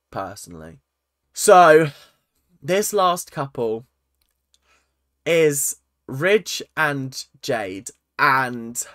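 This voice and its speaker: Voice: medium pitch, a bit bright, no echo, clean studio sound. Sarcastic reality TV vlogger. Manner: exasperated, sarcastic, repeats phrases. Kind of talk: casual reaction commentary.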